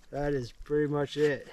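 A man vlogging while shed hunting in the woods, talking warmly to his dogs with excited praise and laughter. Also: on the high side, slight background noise. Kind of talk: casual outdoor vlog talk to dogs. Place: woods outdoors.

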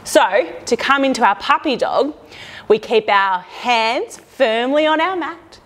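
A woman's voice: on the high side, expressive, slow pace, fairly bright tone. A young woman leading a playful children's yoga lesson, guiding poses and making animal sounds. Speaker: kids' yoga instructor.

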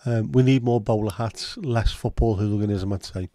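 Sweary man, low mellow voice. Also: moderate pace, no echo. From Liverpool, England. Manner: sweary, sarcastic banter. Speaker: livestream host. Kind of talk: casual livestream chat reading viewer comments.

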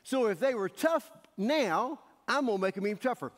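A man's voice: very high voice, animated, moderate pace. A man voicing a stubborn, defiant ancient Pharaoh with a blunt, dismissive tone. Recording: echoey church hall.

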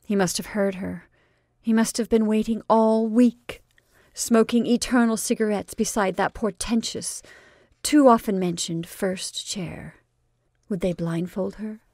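A woman reads a classic short story aloud, measured and expressive. Her voice carries a gravelly fry. The sound is dry and close. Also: mid-range voice, dry recording.

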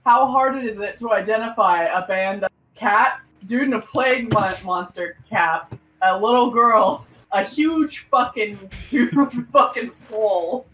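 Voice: mid-range voice, unhurried, bright, forceful tone, slight background noise. Sarcastic, profane tabletop player, distant roomy pickup. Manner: sarcastic, swears, laughs mid-sentence. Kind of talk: casual tabletop game chat. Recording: roomy, away from the mic.

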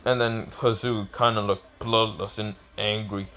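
A young man casually retelling a fan-made story, rambling with fillers and restarts and jumping into excited quoted lines. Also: lowish voice, measured pace, lo-fi sound, faint music behind.

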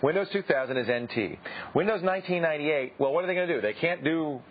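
A man co-hosting a tech TV show, explaining things quickly and joking wryly in casual banter. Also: on the high side. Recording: dull old TV broadcast with faint hiss.

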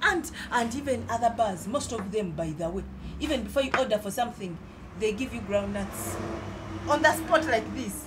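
A woman with a Ugandan English accent speaks politely and hesitantly, apologizing as a customer in a comedy sketch. Her voice is somewhat high and moves lively up and down in pitch. Clear background noise runs under her speech. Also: normal speed.

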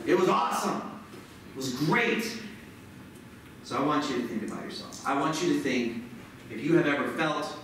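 A man's voice: medium pitch, recorded from a distance, a little hiss or hum. Passionate man speaking in an echoey hall. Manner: passionate, leads the audience in a chant. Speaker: author speaking at a school event. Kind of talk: motivational speech. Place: large lecture hall.

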